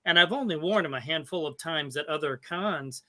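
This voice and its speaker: A man's voice: on the high side, expressive, moderate pace, pushed and bright. A man hosting a podcast, talking eagerly like an enthusiastic fan in casual chat. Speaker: podcast host.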